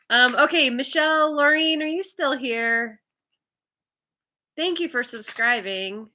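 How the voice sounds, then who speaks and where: A woman's voice: a little high, big pitch swings, slow, long pauses, pushed and bright. A woman hosting a live tarot reading stream, chatting casually with viewers, laughing often and sounding encouraging. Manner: stumbles over viewer names.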